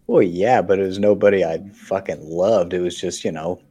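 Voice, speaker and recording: A man's voice: low voice, moderate pace, dark tone, slightly rough. A man hosting a podcast, chatting casually and telling rambling stories, swearing often. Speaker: podcast host. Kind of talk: casual chat.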